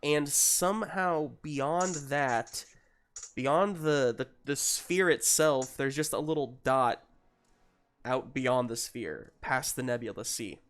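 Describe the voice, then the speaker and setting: A man narrating and running a tabletop role-playing game, talking in a loose, hesitant way with many pauses and restarts. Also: mid-range voice, a bit bright, clear, resonant tone. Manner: hesitant, full of ums and restarts. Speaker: game master.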